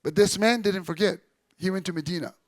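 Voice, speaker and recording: A man delivers an animated sermon-style story in a fairly high voice. He swings between loud bursts and quiet, low stretches when he quotes people. The sound is dry and close, with no room echo. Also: brisk. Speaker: Islamic lecturer. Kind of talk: storytelling religious talk.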